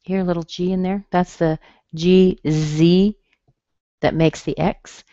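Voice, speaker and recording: Lady teaching pronunciation online, slow careful syllables, kinda dull dry audio. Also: fairly low pitch, little pitch movement, warm tone, dry recording. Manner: slow, careful, over-enunciated demonstrations of stress. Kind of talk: webinar lesson.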